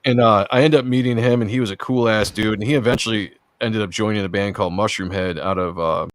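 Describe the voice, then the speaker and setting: Rambling low-voiced man, dry sound. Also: steady tone, fast, no echo. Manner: rambling, earnest, lots of fillers. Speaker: comic book artist guest. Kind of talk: casual podcast conversation.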